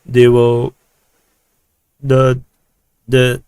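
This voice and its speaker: Singaporean man, halting livestream chat. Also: mid-range voice, completely flat delivery, darkish tone, clean tone, no echo. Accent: Singaporean English. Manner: halting, repeats words, frequent "uh" restarts. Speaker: livestream host answering viewer questions. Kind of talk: casual livestream commentary.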